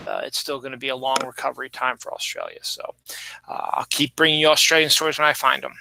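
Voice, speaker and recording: A man's voice: mid-range voice, creaky, bright, forceful tone, clear, resonant tone, low-quality recording. A young man hosting a podcast, chatting casually about odd news stories in a rambling way, full of fillers and restarts. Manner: rambling, filler-heavy, self-interrupting. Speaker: podcast host.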